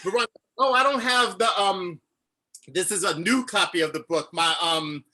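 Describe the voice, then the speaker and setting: Male author, Chicago-raised, virtual book talk, emotional storyteller with a bright, high voice. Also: normal speed. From Chicago, United States. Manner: animated storytelling, acts out quotes; emotional, near tears. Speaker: author, interview guest.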